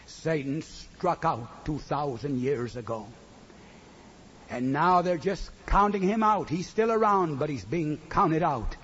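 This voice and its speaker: Brief: male preacher, slow and rhythmic, hushed to shouting, somewhat high voice, muffled recording. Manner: slow rhythmic delivery, swinging from hushed to loud cries. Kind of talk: sermon. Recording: muffled recording with faint noise.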